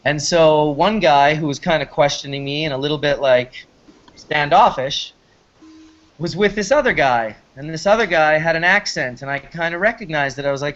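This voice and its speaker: A man's voice: fairly high pitch, brisk. A man hosting a casual talk show, telling stories in a rambling, enthusiastic way with frequent restarts. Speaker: host. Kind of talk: casual storytelling chat. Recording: slightly muffled lo-fi recording.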